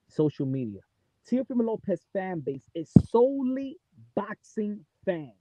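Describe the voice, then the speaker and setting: Insistent New York man, fairly high voice. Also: dry recording, narrow, tinny audio. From New York City. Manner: insistent, talks over others, repeats words. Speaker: boxing commentator. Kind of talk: heated casual debate.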